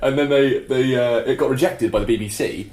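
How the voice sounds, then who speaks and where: A man co-hosting a podcast, chatting casually, laughing often and throwing in quick asides. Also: mid-range voice, a little mellow, echoey room. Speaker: podcast co-host. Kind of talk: casual chat.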